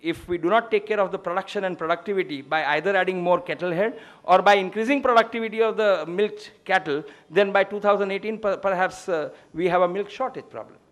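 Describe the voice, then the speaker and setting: A man giving a lecture, his voice pitched notably high. He talks in a discursive, storytelling way and winds up with an anecdote. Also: fast, hardly any pauses. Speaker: guest speaker on greenhouses.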